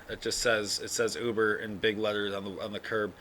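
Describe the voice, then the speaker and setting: A sleepy man rambles through his own podcast in a loose solo monologue, swearing freely and yawning between thoughts. His voice is bright and forceful at an ordinary pitch. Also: fairly even intonation, moderate pace. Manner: rambling, yawning, profane, full of fillers. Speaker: podcast host.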